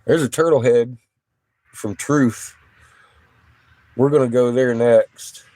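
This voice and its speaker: A middle-aged man rambling excitedly and profanely in a casual monologue, showing off rocks from inside an RV. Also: mid-range voice, slow, no echo.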